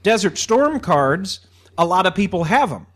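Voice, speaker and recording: A man with a slightly raised voice, co-hosting a loose podcast chat. He rambles and grumbles with animated swings and freely drops swear words. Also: high voice, moderate pace. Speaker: podcast co-host. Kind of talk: casual chat.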